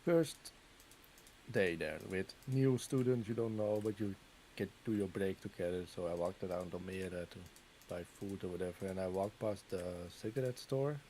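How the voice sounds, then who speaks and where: A man's voice: sits low, moderate pace, warm tone, slight background noise, low-quality recording. Dutch man telling rambling stories. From Netherlands. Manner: rambling anecdotes with frequent fillers and laughs. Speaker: Minecraft streamer's guest or co-player. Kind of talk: casual chat while gaming.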